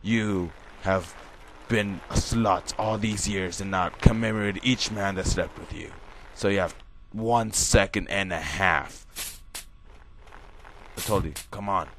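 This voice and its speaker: A man voicing a sinister male killer villain who announces deadly tests in slow, menacing pronouncements, over loud game sounds. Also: sits low. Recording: loud game noise behind.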